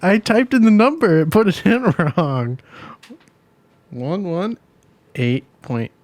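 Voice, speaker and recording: A man's voice: high voice, big pitch swings, slow. A young man co-hosting a casual podcast, answering bluntly and teasing his friend with short replies. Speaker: podcast co-host. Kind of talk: casual chat.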